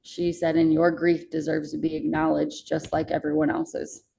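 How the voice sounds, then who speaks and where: Podcast guest: young woman, low and gravelly, candid storyteller who curses freely. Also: little pitch movement, normal speed, mellow, poor audio. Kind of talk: casual emotional storytelling.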